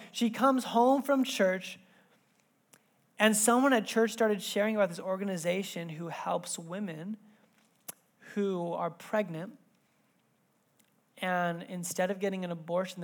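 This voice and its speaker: A man in his thirties preaching a sermon in a church, telling a family story with lively swings between loud bursts and hushed moments. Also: fairly high pitch. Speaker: pastor. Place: church sanctuary.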